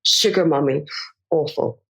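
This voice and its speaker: Gravelly-voiced frank woman. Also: sits low, measured pace. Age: 40s. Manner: frank, self-mocking, animated storyteller. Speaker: podcast guest. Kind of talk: candid conversational interview.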